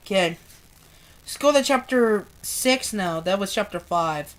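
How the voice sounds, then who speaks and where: A woman's voice: medium pitch, expressive, slow pace, long pauses. A woman reading a novel aloud with casual commentary, emotional and tearful and swearing often. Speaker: book reader.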